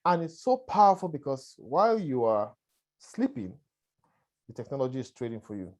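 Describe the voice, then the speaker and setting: A man talks through a webinar in a loose, repetitive style. He often checks in with his listeners and has a lingering cough. His voice sits at an ordinary middle pitch. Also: big pitch swings, moderate pace, darkish tone. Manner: conversational, repetitive, checks in with "all right" and "right". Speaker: presenter on a conference call. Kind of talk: webinar presentation.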